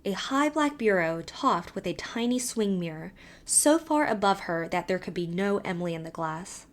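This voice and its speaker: This is scripted narration from a female audiobook narrator with a medium-pitched voice, reading a classic novel aloud.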